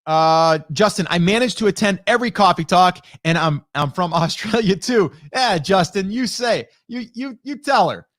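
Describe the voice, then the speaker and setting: A middle-aged man with a slightly high voice hosts a relaxed live stream, talking close to a broadcast studio mic. He rambles cheerfully, greets viewers by name and wanders off into stories. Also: normal speed, few pauses. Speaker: live stream host reading chat. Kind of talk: casual live chat. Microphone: broadcast dynamic studio mic.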